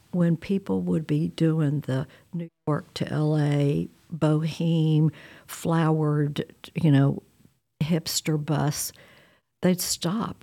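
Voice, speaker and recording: A woman's voice: deep voice, gravelly. A woman, telling a personal story in a candid, wry way. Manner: candid, wry, animated retelling with quoted dialogue.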